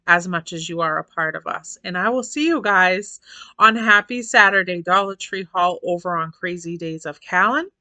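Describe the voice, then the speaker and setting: A woman in her forties talks straight to her viewers in a casual vlog. Her voice is bright and forceful, and the recording is dry and close. She is chatty, laughs often and repeats phrases for emphasis. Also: lowish voice, normal speed, dry recording. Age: 40s. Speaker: vlogger. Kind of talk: casual chat to camera.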